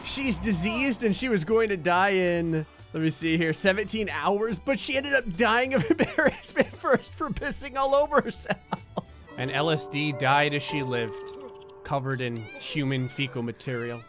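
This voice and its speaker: A young man narrates gameplay in a fairly high voice, full of profane, sarcastic jokes and gleeful mock cruelty. Faint background music plays beneath him. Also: lively intonation, normal speed, a bit bright. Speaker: gaming commentator. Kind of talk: comedic gameplay commentary.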